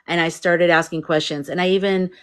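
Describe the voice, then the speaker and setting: A woman's voice: on the low side, steady tone, a little fast, clear, resonant tone. Rambling woman hosting a livestream. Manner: rambling, restarts often, reads chat comments aloud. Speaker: livestream host. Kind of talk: casual livestream chat.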